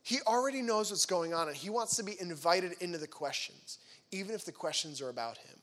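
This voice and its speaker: A man in his thirties giving an energetic, chatty faith talk to teenagers, acting out the voices in the dialogue he quotes. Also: high voice, brisk. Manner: chatty and conversational, with frequent fillers. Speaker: youth speaker.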